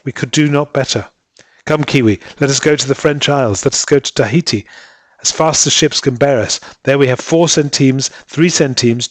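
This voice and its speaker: A man's voice: mid-range voice, dry recording, close to an everyday voice. A man reading aloud and voicing a devoted young island woman who pleads earnestly with her husband. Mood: urging.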